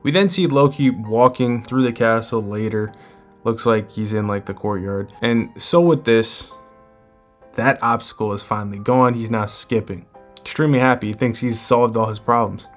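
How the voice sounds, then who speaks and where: A man hosting a manga chapter breakdown, retelling the story in a relaxed, conversational way. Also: medium pitch, moderate pace, faint music behind. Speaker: manga chapter recap host. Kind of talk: casual comic chapter breakdown.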